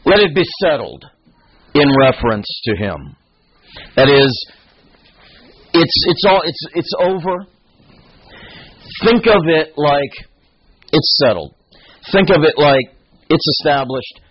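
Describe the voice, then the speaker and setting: A man's voice: medium pitch, animated, measured pace, pauses often, slightly rough, no echo, dull audio. A man teaching a Bible lecture to a class, explaining words at length and often restarting phrases as he quizzes his students.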